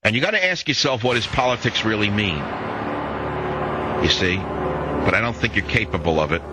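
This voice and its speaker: A man's voice: lowish voice, animated, moderate pace, over loud music. An older man hosting a political talk radio show, lecturing listeners in a combative monologue and telling jokes.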